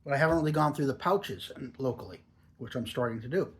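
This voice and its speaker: A man's voice: medium pitch, animated, fast talker. A man in his forties talking in a chatty, rambling, easygoing way while reviewing a product for a casual vlog.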